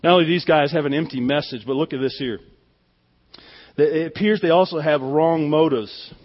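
A man's voice: fairly high pitch, normal speed, in a large hall, dull audio. A pastor delivering a conversational, emphatic sermon, often repeating his words as he speaks.

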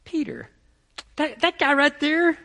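A man putting on a young servant girl, high and shrill, pointing a finger and pressing her accusation. She is insistent and loud, with a gravelly edge under the raised pitch that stays in the preacher's voice. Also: huge pitch swings, unhurried, full character voice. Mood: accusing.

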